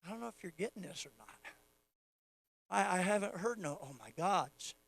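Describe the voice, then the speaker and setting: A man preaching a sermon, moving from casual teaching to loud, fervent prayer. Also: high-pitched, a little fast, creaky. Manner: acts out quoted voices of God playfully. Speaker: pastor.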